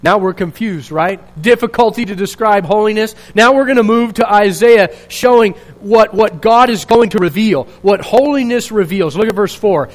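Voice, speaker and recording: A man's voice: high voice, normal speed, few pauses, low-quality recording. A male pastor preaching a sermon in an earnest, searching way, asking rhetorical questions and restarting his phrases.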